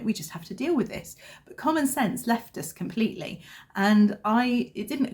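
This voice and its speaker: A woman's voice: medium pitch, mellow. A woman in her thirties, a vlogger chatting casually and telling a family story with self-deprecating humour. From England. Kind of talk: casual chat.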